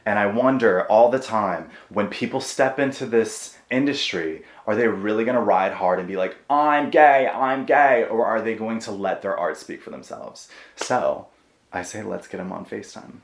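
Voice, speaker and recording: Excitable man host, echoey room. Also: fairly low pitch, normal speed. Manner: excitable, swearing, laughs at himself. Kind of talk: casual chat.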